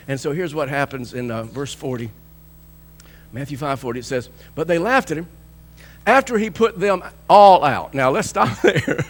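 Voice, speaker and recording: High-voiced man preaching a sermon. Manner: emphatic preaching, swinging from loud high bursts to low soft lines; acts out quoted voices and chuckles often. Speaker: pastor.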